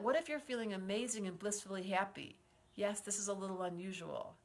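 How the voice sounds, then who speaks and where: A woman in her sixties hosts an astrology livestream, speaking fairly quickly in a mid-range voice over a livestream setup. Effusive and encouraging, she reads viewer comments aloud and leads group breathing.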